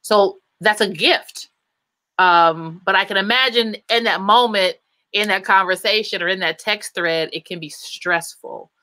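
Woman, panel moderator, bright forceful voice, dry close sound, long winding questions, frequent restarts. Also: medium pitch, a little slow, dry recording, poor audio. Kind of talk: moderating a live panel discussion.

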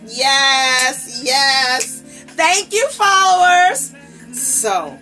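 A woman with a high, bright voice hosts a live unboxing stream from home. She talks slowly and gushes with excitement, greeting her viewers by name. Her voice is picked up by a tablet microphone, with faint music behind her. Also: rough recording. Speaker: nail polish brand ambassador and livestream host. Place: indoors at home, table set up. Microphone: tablet camera microphone.

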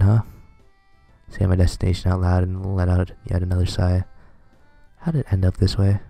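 A man reading a visual novel aloud, narrating in a dry, deadpan way. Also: deep voice, creaky, no room sound.

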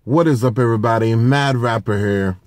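A sleep-deprived man hosting a casual food review vlog from a parked car, talking into his phone, excitable and profane as he gushes over food. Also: medium pitch, a little fast, no room sound, faint music behind. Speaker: food-review vlogger, show host.

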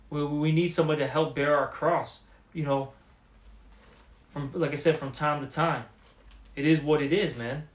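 A man giving an informal religious lesson, halting often and repeating words, with many fillers, and calling the listener "man". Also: a little high, echoey room. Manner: streetwise, addresses listener as man. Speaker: religious teacher.

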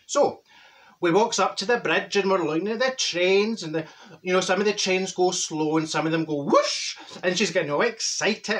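A man's voice: sits high, a bit bright. A man voicing a chatty older Glasgow woman with a Glaswegian Scottish accent, telling cheeky gossip and stories to camera with frequent laughs. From Glasgow, Scotland. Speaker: comedy character host. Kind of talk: comic monologue to camera.

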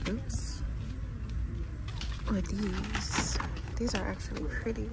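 A woman and mom of three vlogging casually to her viewers, chatty and animated, laughing often, filming on a phone from her car and out shopping. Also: medium pitch, slow pace, heavy background noise. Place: in a car, later inside a large store. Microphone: phone on a car mount.

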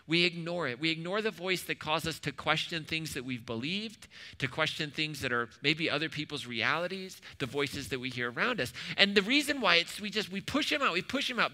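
A man's voice: high voice, sharp tone, in a large hall. A man preaching a sermon at a church in a conversational way, asking the room questions and adding joking asides. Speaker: pastor. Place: church hall.

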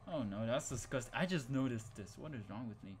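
A man's voice: mid-range voice, lively intonation, a little fast, a little hiss or hum. Jokey, profane young gamer man. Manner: jokey and profane, swinging from muttering to panicked yelling. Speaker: gaming channel host. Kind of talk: horror game commentary.

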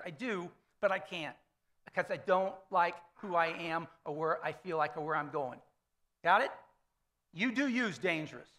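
A man in his fifties preaches in a loose, conversational style, often tossing "okay?" to the room. His voice sits high for a man and rings bright and forceful. He sounds like a pastor talking to his congregation in a church. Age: 50s. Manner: conversational storytelling sermon, frequent "okay?" check-ins. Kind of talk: sermon. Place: church sanctuary.

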